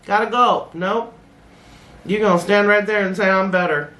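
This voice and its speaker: A woman's voice: mid-range voice, steady tone, normal speed, fairly bright tone. A middle-aged woman hosting a casual reaction video, blunt and laughing, swearing freely as she comments. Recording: roomy echoey room.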